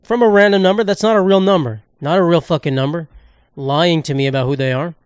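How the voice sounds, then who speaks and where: A man's voice: fairly high pitch, brisk, clean tone, no room sound, studio quality. A man hosting a solo podcast, ranting in a rambling, sarcastic, profane way and cutting himself off mid-thought. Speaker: podcast host.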